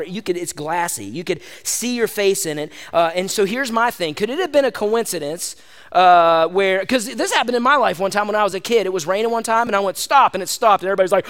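High-voiced man preaching a lively sermon. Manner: animated, conversational preaching, calls the audience "gang". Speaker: pastor.

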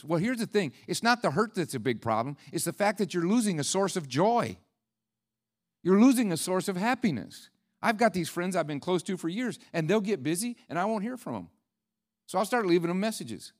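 A middle-aged man preaching a sermon as pastor, swinging between loud emphatic peaks and quiet asides. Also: high voice, very animated, fairly quick.

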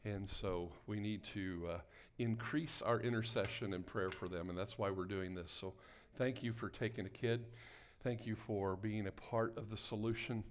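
A pastor preaching a sermon and praying before his congregation, calling for amens and building to emphatic exhortation. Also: on the low side. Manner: call-and-response, rising to emphatic exhortation. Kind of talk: sermon with prayer. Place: church sanctuary before a congregation.

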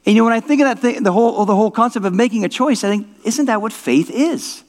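A man's voice: high voice, lively intonation, fast. A male pastor giving an informal, conversational sermon, often restarting words and asking the audience whether it makes sense. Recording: long reverb of a large hall.

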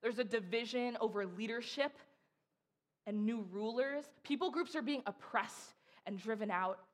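Young woman preaching casually, chatty and animated, acts out voices in her stories. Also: fairly high pitch, normal speed. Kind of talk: casual sermon.

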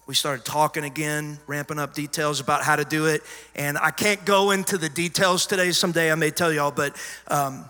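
Bright-voiced pastor in an echoing hall. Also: male voice, on the high side. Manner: emphatic storyteller, swinging from hushed asides to loud cries. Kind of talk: sermon testimony. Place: large church sanctuary. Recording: long church hall reverb.

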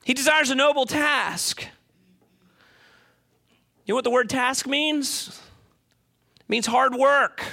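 Middle-aged guy pastor preaching, lively sermon, gets loud then drops quiet, sharp bright tone. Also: very high-pitched, slow, vocal fry, pauses often. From United States. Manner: animated, swings from loud to quiet, acts out voices.

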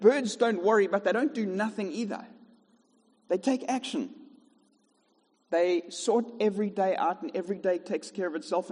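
A man's voice: high-pitched, darkish tone, long reverb tail. A man preaching a sermon in a rhythmic style, with repeated contrasts and jokey asides. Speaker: pastor. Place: church.

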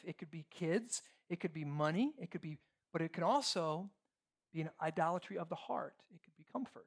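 At a middling pitch, a pastor delivers a sermon in full, emphatic form, repeating himself and stacking phrases into long lists. He poses rhetorical questions and keeps checking in with listeners, tagging lines with "okay?" and "right?".

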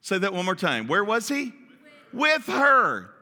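A man teaching from the Bible in sermon style, animated and playful, asking his audience questions. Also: high voice, unhurried. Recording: long hall reverb.

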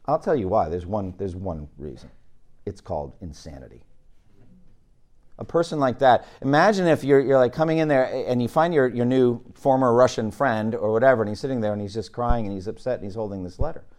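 A middle-aged man preaching a sermon, animated, rising loud for emphasis and dropping low. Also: brisk.

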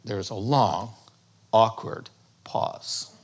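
Animated, joking male preacher. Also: fairly low pitch, drawn-out words, husky. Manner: animated, humorous storytelling. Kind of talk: sermon.

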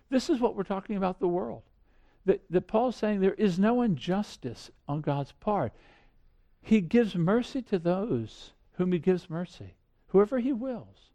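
A man preaching a sermon, animated, asking rhetorical questions and swinging between loud and quiet. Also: high-pitched. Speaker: pastor.

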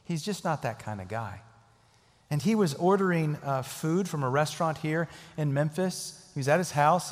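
A man preaching in a church, his mid-pitched voice carrying a long reverb through the sanctuary. He speaks earnestly and leans on repetition to drive his points home, with an occasional chuckle as he tells a story. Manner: earnest, emphatic repetition, chuckles while telling stories. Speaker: pastor. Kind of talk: sermon with storytelling and closing prayer. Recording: echoey hall reverb.

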